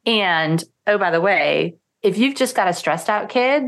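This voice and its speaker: A middle-aged woman talking as a parenting coach in a podcast interview, animated and acting out quoted thoughts. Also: mid-range voice, unhurried, creaky. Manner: animated, acts out quoted thoughts in lively voices.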